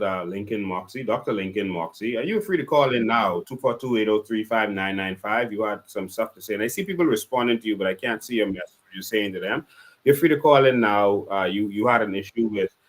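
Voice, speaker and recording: A man with a Bahamian accent hosting a live call-in talk show, speaking earnestly and repeating a phone number slowly. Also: fairly low pitch.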